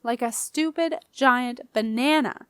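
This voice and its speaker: A woman's voice: on the high side, normal speed, no room sound, studio quality, natural voice. A woman voicing a sulky, defiant teenage boy who whines in a raised voice.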